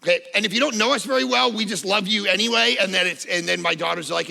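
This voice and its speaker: Brief: man in his 40s, pastor delivering a sermon; high, bright and edgy voice; lively storyteller; reverberant church hall. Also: quick pace, vocal fry, hardly any pauses. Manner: lively conversational storytelling with humor. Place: church auditorium.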